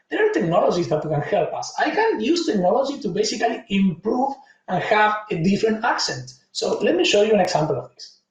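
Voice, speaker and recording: A man in his forties from Latin America, giving an earnest conference talk full of personal stories. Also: high-pitched. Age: 40s. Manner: earnest, anecdotal, non-native phrasing. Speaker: conference speaker. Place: conference room. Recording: echoey room, distant mic.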